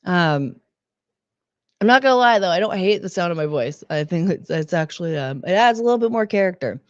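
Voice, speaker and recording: A woman with a hoarse, sick voice, hosting a stream in casual, halting, rambling chat that pokes fun at herself. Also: on the low side, animated, no echo, muffled recording. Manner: rambling, halting, self-deprecating. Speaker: streamer host.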